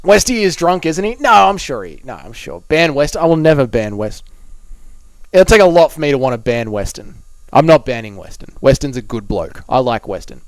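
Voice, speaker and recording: A man's voice: medium pitch, very animated, normal speed, dry recording. A young Australian man reading out and answering chat messages on a live stream, swearing and bantering in a blokey way.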